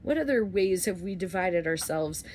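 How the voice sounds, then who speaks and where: A woman in her forties talking to her viewers in a candid, rambling monologue, cursing freely and swinging between loud outbursts and soft asides. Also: lowish voice, lively intonation, normal speed, a little hiss or hum. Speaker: vlogger. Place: outdoors under a flight path.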